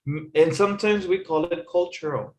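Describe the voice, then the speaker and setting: A man, teaching an English lesson with slow, careful explanations. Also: on the high side, darkish tone. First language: Spanish. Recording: echoey room.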